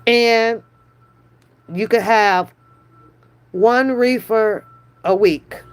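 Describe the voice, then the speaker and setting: A woman hosting a live stream, chatting casually with viewers in a slow, drawn-out way, often brushing things off with a dismissive "mm-mm". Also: a little high, smooth. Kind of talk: casual chat.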